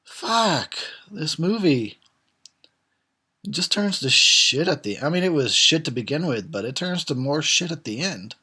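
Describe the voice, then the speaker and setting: A man's voice: fairly high pitch, very animated, measured pace, sharp tone, breathy edge. Sarcastic, profane man riffing on a movie. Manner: profane, sarcastic, chuckles often. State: tired, drinking beer. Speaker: film commentary host. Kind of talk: casual drunk movie commentary.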